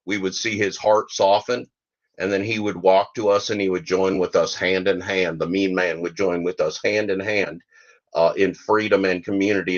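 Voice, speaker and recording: A man's voice: low voice, lo-fi sound. A middle-aged man hosting a podcast, rambling and joking in folksy grammar. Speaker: podcast host. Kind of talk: rambling comic monologue.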